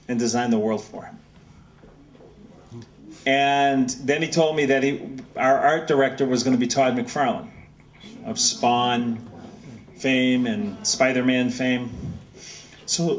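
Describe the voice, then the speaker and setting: A middle-aged man from Massachusetts talks to a bookstore crowd in a loose, animated, anecdotal way. His voice is of ordinary pitch and sounds distant, as if picked up from across the room. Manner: animated, rambling storyteller. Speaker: author speaking at a book signing. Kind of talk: anecdotal talk to an audience. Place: bookstore event space. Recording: voice heard from a distance.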